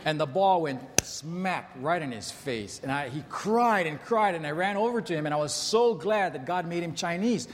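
A man in his thirties preaches to a congregation in a conversational, storytelling way and keeps asking them rhetorical questions. His voice sits a little high for a man. The sermon rings with a long hall reverb over faint room ambience. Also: lively intonation, moderate pace, hardly any pauses, background noise. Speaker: pastor.

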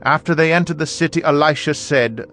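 A man reading scripture aloud in a measured, even voice. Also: fairly high pitch. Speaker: Bible reader. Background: faint background music.

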